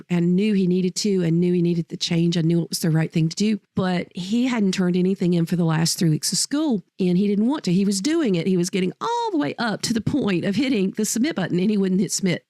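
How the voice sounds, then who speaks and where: A woman's voice: medium pitch, a little mellow, no echo, studio quality. A woman teacher and podcast host telling personal stories in a heartfelt, rambling way, often correcting herself mid-sentence. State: choked up. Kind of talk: personal storytelling.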